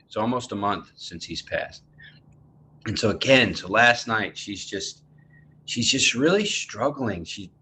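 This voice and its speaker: A middle-aged man teaching mindfulness, speaking in a halting, heartfelt way with many restarts. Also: lowish voice, pushed and bright, slight background noise. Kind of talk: reflective teaching talk.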